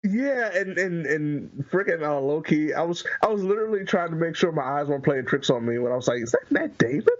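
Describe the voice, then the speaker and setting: Lively man chatting about a movie. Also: on the high side, dull audio. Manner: animated, agreeable, quick to laugh. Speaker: podcast co-host. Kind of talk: casual movie review chat.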